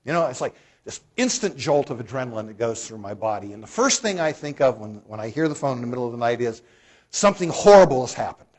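A man's voice: medium pitch, lively intonation, fast. A man preaching a sermon as a pastor, telling a story in a conversational way and putting questions to the congregation.

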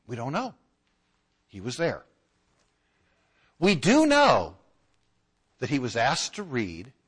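A man's voice: mid-range voice, fairly bright tone. A man preaching a conversational sermon and now and then acting out the voices of townspeople.

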